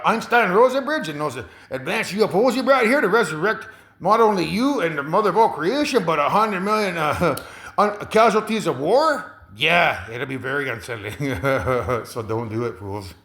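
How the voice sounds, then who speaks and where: A commentator with a high, fairly bright voice delivers a rambling monologue, hesitant and packed with fillers, repeats and chuckles. The recording has a roomy echo.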